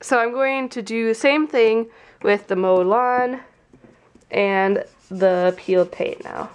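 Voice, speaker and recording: A woman's voice: fairly high pitch, slow pace, clean tone, muffled recording. A young woman with a stuffy, nasal voice from a cold, chatting casually as she explains a craft tutorial step by step. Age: young adult. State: congested from a cold. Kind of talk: casual how-to narration.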